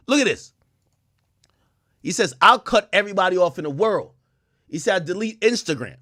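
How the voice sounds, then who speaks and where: A young man streaming casually, reading messages aloud to his chat and reacting with loud outbursts. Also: very high voice, moderate pace. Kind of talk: casual live-stream commentary.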